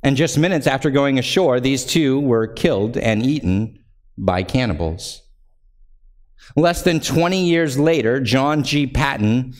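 With a slightly mellow voice, a male pastor preaches earnestly, building to fervent emphasis on the scripture readings and easing into a slow, low finish at the end of his phrases.

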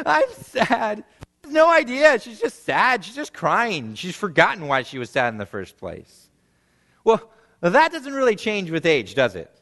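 A man in his thirties with a fairly high, light voice delivers a sermon from the pulpit. He preaches earnestly, building to emphatic repeated lines and then letting phrases fall away almost to a hush. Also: big-room sound. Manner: earnest preaching that swells to emphatic peaks and drops to quiet, hushed endings. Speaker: pastor.

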